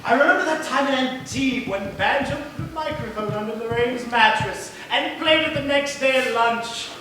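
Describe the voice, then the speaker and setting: A man's voice: extremely high pitch, moderate pace, sharp tone. A man acting a cranky, domineering celebrity critic in a live stage play, bossy and imperious. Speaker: stage actor. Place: theater stage. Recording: distant, echoey and noisy theater recording.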